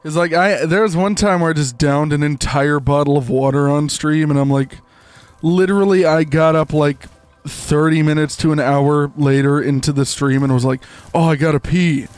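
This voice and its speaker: A man's voice: on the high side, fairly even intonation, normal speed, clean tone, no echo, soft background music. A young man chatting casually to his viewers while live-streaming a game, rambling with lots of fillers. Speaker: livestreamer. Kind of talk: casual chat while gaming.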